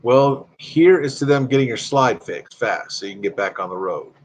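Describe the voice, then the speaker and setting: A man's voice: mid-range voice, lively intonation, moderate pace. Rambling chatty man hosting a live stream. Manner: rambling, reads viewer comments aloud; chatty and friendly with viewers. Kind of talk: casual live-stream chat.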